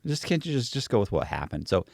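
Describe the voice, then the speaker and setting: A man's voice: on the low side, sing-song, fast talker, creaky, dry recording, studio quality. Blunt, slangy man telling his story. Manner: blunt, slangy, self-deprecating, many restarts. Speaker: interview guest. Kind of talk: casual storytelling chat.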